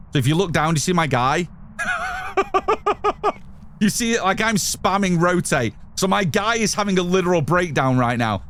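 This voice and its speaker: A man's voice: sits high, a bit bright, a little hiss or hum. A man giving chatty live commentary as he plays a game, talking to his chat and to himself. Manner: chatty, talks to chat and to himself while playing. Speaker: streamer.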